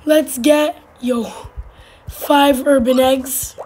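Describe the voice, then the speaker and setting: A woman with a hoarse voice hosting casual gameplay commentary, halting and full of fillers, now and then dropping to a whisper. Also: high voice, fairly even intonation, a little mellow. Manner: halting, with many fillers and sudden drops to a whisper. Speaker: gaming channel host.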